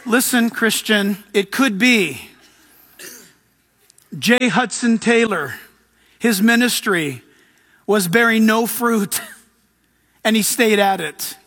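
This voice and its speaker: A man's voice: high-pitched, a little slow, pauses often, a bit bright, big-room sound. A man preaching a sermon, telling stories and rising to emphatic exhortation.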